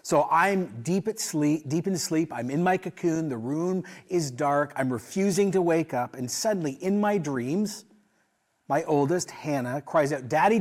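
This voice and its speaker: A man in his forties preaching a sermon, telling a personal story with humor and swinging between soft, quiet asides and loud, emphatic lines. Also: on the high side. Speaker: pastor.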